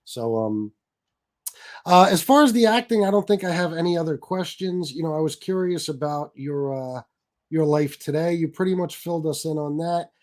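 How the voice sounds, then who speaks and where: A man's voice: on the high side, moderate pace. A man hosting a casual interview, enthusiastic and reading out viewer donations. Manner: enthusiastic, reads donations aloud. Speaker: podcast host.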